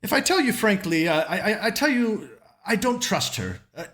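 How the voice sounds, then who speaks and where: A man's voice: high voice, big pitch swings, fairly bright tone, voice pushed up. A man voicing a fidgety, anxious wealthy mother who halts and stammers. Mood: nervous. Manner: nervous, halting, stammers.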